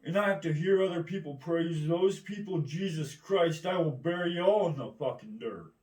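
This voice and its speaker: Brief: man, rambling profane rant, combative, slightly high voice, distant mic in an echoey room. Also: normal speed, darkish tone. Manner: heavy swearing, keeps asking "right?".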